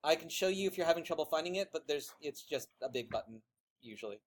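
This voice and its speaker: A man with a high-pitched voice walks a classroom of students through a software tool. He projects in a loud teacher voice but keeps it loose and chatty, full of fillers and quick asides. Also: lively intonation.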